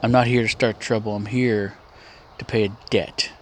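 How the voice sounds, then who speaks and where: A man voicing a sly, road-worn male gunman who talks in a wry, needling way, a little louder than his narration. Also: fairly low pitch, little pitch movement, normal speed, a little hiss or hum, lightly acted.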